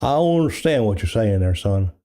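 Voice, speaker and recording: A man's voice: fairly low pitch, big pitch swings, brisk, warm tone. A man putting on the voice of a menacing rural backwoods man who taunts with mocking questions.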